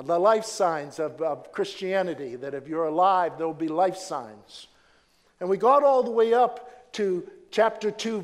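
A man preaching a sermon as pastor, swinging from loud emphatic declarations to hushed low phrases, with repeated phrases and a measured delivery. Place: church sanctuary. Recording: long hall reverb.

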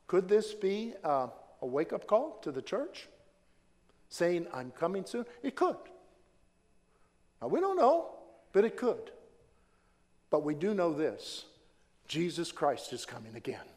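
A male pastor preaching in a church sanctuary, his fairly high voice carrying a long reverb tail. He speaks slowly and deliberately, repeating key phrases and swinging between loud, emphatic declarations and hushed, low lines. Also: huge pitch swings. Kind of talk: sermon.

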